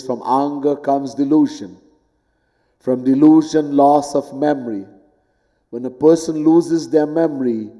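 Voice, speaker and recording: Slow, deliberate spiritual teacher, echoing hall. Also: male voice. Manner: deliberate, with wide swings in pitch and loudness, chanting Sanskrit verses. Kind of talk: devotional lecture. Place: temple hall. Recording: long hall reverb.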